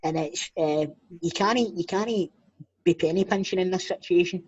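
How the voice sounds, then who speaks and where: A man's voice: high-pitched, moderate pace, slightly rough. A Scottish man co-hosting a football podcast, giving his views in casual, earnest chat. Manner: earnest, laughs at own jokes. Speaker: podcast co-host. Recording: dull lo-fi sound.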